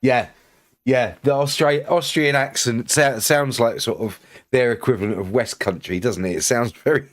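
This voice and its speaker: A man's voice: mid-range voice, moderate pace. A man chatting casually with viewers while streaming a game, greeting people and laughing often. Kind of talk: casual chat while livestreaming.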